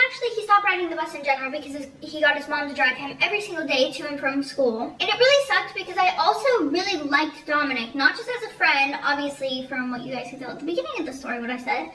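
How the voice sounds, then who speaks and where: A woman with a high voice tells a personal story in a frank, chatty way and swears freely. She sits a little back from the mic in a roomy space. There is a faint hiss of noise behind her. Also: bright, forceful tone, far from the mic. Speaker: storytime vlogger. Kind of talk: casual storytime chat.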